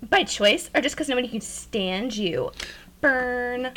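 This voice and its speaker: A sarcastic, wisecracking companion played by a woman who is quick to tease. The voice is fairly high and swings up and down a lot in pitch. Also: animated, a bit bright. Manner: teasing, sarcastic quips.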